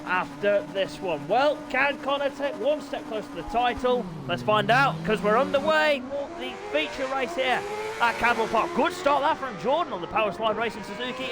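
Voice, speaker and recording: A man with a high voice calls an online motorbike race, swinging between chatty asides and sudden bursts of excitement as riders crash and pass. He jokes at his own expense and scolds himself mid-commentary. Clear background noise runs under his voice. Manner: excitable, self-mocking, talks to himself. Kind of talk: sim racing commentary.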